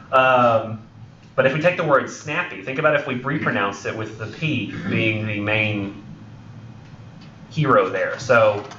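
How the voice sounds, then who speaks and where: A man's voice: mid-range voice, bright, forceful tone, a little hiss or hum. A young man, teaching a college English class in a casual, rambling way with frequent ums, self-corrections and jokes. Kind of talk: classroom lecture. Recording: roomy, distant, dull lo-fi classroom recording.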